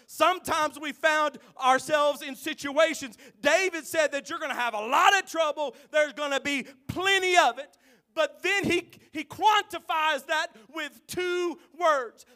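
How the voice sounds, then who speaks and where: A man preaching a sermon, telling folksy joke stories in a low, even voice and then rising to loud, drawn-out shouts. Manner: swings from quiet storytelling to shouted, drawn-out exclamations; tells jokes in a folksy way.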